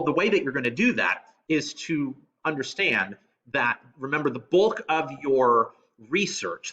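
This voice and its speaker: A man teaching in a casual screen-recorded lesson, with a bright, forceful edge to his voice. He keeps breaking off with ums and restarts. The sound is dull and lo-fi, like a cheap recording. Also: medium pitch.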